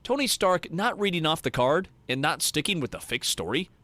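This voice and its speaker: A man narrates movie trivia from a script in a brisk way, his voice somewhat raised and moving up and down a lot. The sound is dry and close, with no room around it. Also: on the high side, sing-song, bright, forceful tone, no echo.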